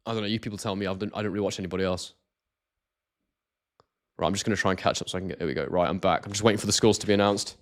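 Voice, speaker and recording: A man hosting a live boxing stream, chatty and excitable, reading out viewers' chat messages. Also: low voice, rapid-fire, pauses often.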